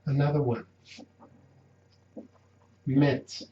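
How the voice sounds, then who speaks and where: Slow, patient male language teacher. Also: mid-range voice, flat delivery, mellow. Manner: slow, careful, repeats words to drill pronunciation. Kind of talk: unscripted language lesson. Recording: roomy, dull lo-fi with faint noise.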